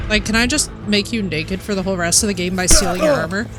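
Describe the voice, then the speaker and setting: A young woman with a mid-range voice, lively intonation and quick pace streams a game with its music playing behind her. She chats casually and trash-talks in a brash, playful way, laughing often.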